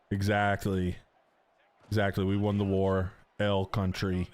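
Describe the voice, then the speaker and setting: In a low, monotone, darkish voice, unhurried, a middle-aged man from North Carolina hangs out with gaming stream viewers. He's chatty and joking, leans on slang and reads the chat aloud.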